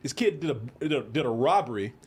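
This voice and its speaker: A man's voice: medium pitch, fast, husky. A middle-aged man from Texas, the host, telling stories in casual chat and acting out the voices of the people in them. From Waco, Texas. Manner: animated, acts out voices in his stories, laughs often.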